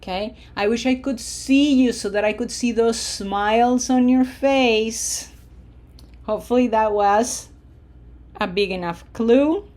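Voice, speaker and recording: A woman teaching Spanish verb endings, drilling each form slowly and encouraging her students. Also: fairly high pitch, a little mellow. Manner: slow, deliberate drill pronunciation with encouraging asides. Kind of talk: language lesson.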